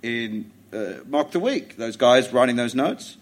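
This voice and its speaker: Middle-aged Australian comic, blunt and profane, animated storyteller, mid-range voice. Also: male voice, medium pitch, unhurried. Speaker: comedian guest. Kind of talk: casual podcast chat.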